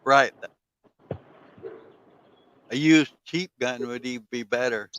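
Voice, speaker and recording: A man's voice: medium pitch, steady tone, takes it slowly, fairly bright tone, smooth, no echo, rough recording. A man in casual chat, telling rambling stories with fillers, swearing and frequent laughter.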